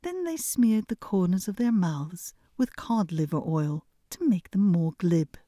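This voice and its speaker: Slow, expressive woman reading a fairy tale. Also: on the low side, no echo, studio quality. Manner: expressive, unhurried. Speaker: storyteller.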